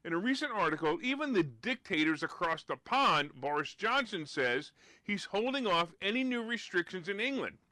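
A man from the United States hosting a live-streamed finance talk show, giving emphatic, sarcastic commentary that gets loud on his punchlines. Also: high voice, big pitch swings, normal speed, no echo.

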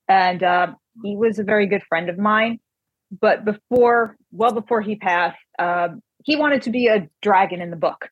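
A woman author telling an animated personal anecdote in casual chat, quoting the people in it. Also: mid-range voice, breathy edge, no room sound.

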